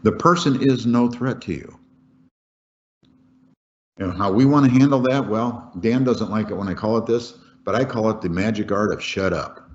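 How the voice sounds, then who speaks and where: A man teaching a webinar on workplace safety in a folksy, conversational way, repeating key points for emphasis. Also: fairly low pitch. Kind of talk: webinar lecture. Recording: dull lo-fi webinar audio.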